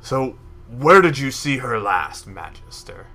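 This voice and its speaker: A formal, blunt investigator, as a man voices him, pressing his questions in a slightly lowered, lively voice. Faint music runs under the game. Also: slow pace, full character voice. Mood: probing. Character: stern, earnest male justicar investigator.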